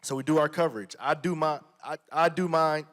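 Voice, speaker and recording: A man's voice: on the high side, fairly even intonation, fairly quick, fairly bright tone. A man, an actor on a panel, chatting casually and emphatically about his work on set, often repeating himself. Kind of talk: casual conversation.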